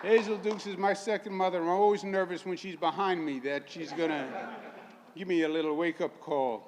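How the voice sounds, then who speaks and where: A man's voice: high-pitched, fairly even intonation, moderate pace, big-room sound, a loud crowd, heavy background noise. A man in his sixties with a Queens, New York accent, giving a folksy, emphatic public speech as a state governor. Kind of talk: public speech at a press event. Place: public event in a neighborhood, with a crowd.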